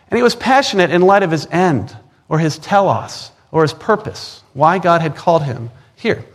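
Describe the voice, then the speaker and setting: A man in his forties with an Upper Midwest American accent, preaching a personal testimony, earnest and emphatic, repeating words when he presses a point. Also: fairly high pitch.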